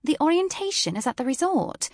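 A woman voicing a flustered young British office worker in a high, hurried, fussing voice. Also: big pitch swings, a little mellow, no echo, clean studio sound.

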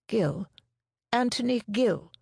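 A woman's voice: on the high side, lively intonation, slow, vocal fry, darkish tone, husky, no room sound, studio quality, pitched above the performer's own voice, exaggerated voice. A woman voicing a thin, weary man of about fifty in an audiobook, curt and snappish. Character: thin weary middle-aged man, prickly and glum.

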